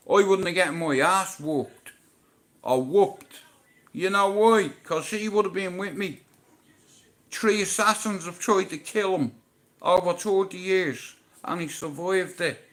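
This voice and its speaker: A man hosting a livestream, telling a personal story in a casual, emotional way and swearing often. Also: measured pace. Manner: emotional, swears often, swings between low and loud. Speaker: livestream host.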